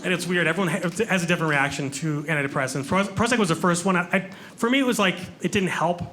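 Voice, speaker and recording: High-voiced stand-up comedian man. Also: fast, sharp tone, slight background noise. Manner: self-deprecating, chatty with the crowd. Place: comedy club stage with a live audience. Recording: live room with audible crowd ambience.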